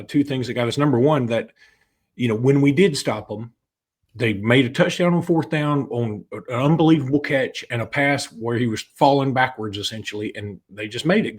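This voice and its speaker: A man's voice: mid-range voice, normal speed. A man co-hosting a sports podcast, talking casually and joking as he breaks down a game. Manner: chatty, joking, with restarts. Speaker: podcast co-host.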